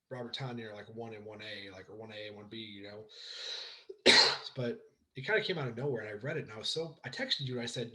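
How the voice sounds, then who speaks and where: Excited man rambling about football. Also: mid-range voice, low-quality recording. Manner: excited, rambling, lots of fillers and restarts. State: hoarse from shouting. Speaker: podcast co-host. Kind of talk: casual sports chat.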